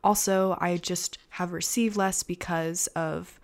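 A teenage girl from America chats through her own podcast, rambling loosely and filling gaps with "like" and "um". Her voice sits a little low for a girl. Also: fairly even intonation, slow pace. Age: teens. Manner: chatty, filler-heavy, rambling. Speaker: podcast host. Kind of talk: casual solo podcast chat.

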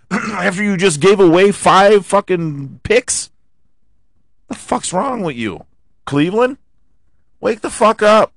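Hoarse, cursing man ranting about football. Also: mid-range voice, no room sound, studio quality. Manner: profane, ranting, rhetorical questions. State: hoarse from allergies, clearing throat. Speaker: podcast host. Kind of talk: casual sports rant.

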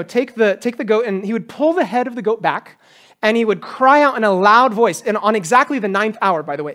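A man preaching a sermon as pastor, animated, acting out quotes with a raised voice. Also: very high voice. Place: church.

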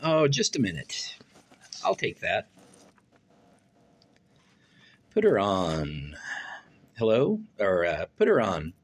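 Deep rough-edged gushing guy producer played by a woman, really lively delivery, play rehearsal. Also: takes it slowly, exaggerated voice. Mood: brisk. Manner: effusive, gushing. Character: eager middle-aged male film producer. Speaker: actor in a rehearsal. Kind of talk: rehearsed stage play reading.

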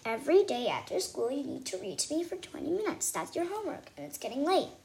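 A woman voicing a strict, patient grown-up woman who speaks in a measured, instructive way, in a storybook reading. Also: high-pitched, wildly swooping pitch, gravelly, mellow, exaggerated voice. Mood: stern.

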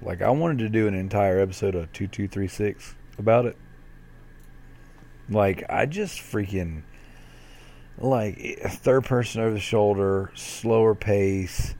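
A man with a fairly low voice co-hosts a relaxed gaming podcast. He talks in an excitable, rambling way and scatters "dude" and "like" all through it. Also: a little slow. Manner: excitable, peppers talk with "dude" and "like". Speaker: podcast co-host. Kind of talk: casual gaming chat.

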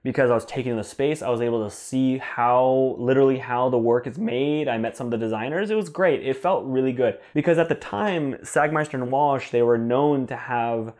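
A man's voice: mid-range voice, brisk, hardly any pauses, a little mellow. A man in his thirties, a brand and design director, talking as an interview guest in a chatty, enthusiastic way, laughing often. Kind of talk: casual interview chat.

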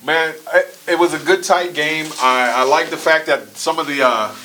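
A man's voice: on the high side, normal speed, bright, forceful tone, slight background noise, low-quality recording. A man hosting a podcast, easygoing and laughing along as he asks questions. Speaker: podcast host. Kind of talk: casual chat.

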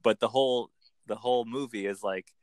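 A man working as an accent coach, chatting in an animated, storytelling way. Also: medium pitch, clean tone, dry recording. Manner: animated, lively storytelling with quick bursts into put-on voices. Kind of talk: casual interview chat.

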